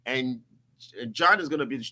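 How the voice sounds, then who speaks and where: This talk show host chats casually, podcast-style, spinning animated stories and imitating the voices of others. He speaks at a normal speed with a medium-pitched voice.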